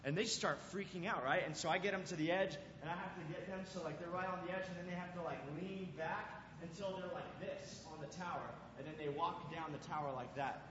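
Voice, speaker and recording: He sits high and moves a little fast, barely pausing as he acts out scenes during a casual youth group sermon, with plenty of "like" and "right?" thrown in. Behind the dull, lo-fi hall echo, the background is noisy.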